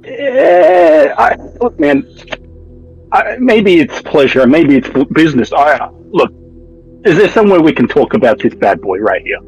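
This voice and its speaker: Aussie man, higher voice, lively, stumbling over words, slangy player in a role-play game. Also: highs cut off, soft background music. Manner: halting, stammering, slangy. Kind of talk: tabletop role-play in character.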